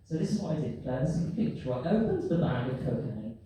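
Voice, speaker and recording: A man's voice: medium pitch, quick pace. A man doing stand-up, telling a story and chatting with the crowd, laughing through his lines. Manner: animated, laughing through lines, repeatedly addressing an audience member. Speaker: stand-up comedian. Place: live comedy venue. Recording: echoey live venue from far off. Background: audience laughter and room noise.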